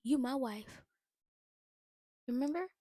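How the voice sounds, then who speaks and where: A man's voice: very high-pitched, takes it slowly, mellow, dry recording, voice pushed up, heavily acted. A smug cheating husband, cold and dismissive, mocking his wife's threats. A woman quotes him in her own voice. The sound is dry and close.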